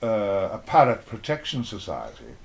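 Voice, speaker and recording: An older man with a lowish voice that swoops widely, reminiscing in a relaxed interview. He rambles along playfully, slipping into little acted-out exchanges as he tells his stories. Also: normal speed, creaky. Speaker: actor interviewee.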